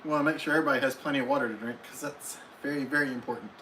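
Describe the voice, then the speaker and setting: A man's voice: mid-range voice, racing, sharp tone, a little hiss or hum, rough recording. A man hosting a casual live stream from home, reading viewers' comments aloud and answering each one in a friendly, chatty way.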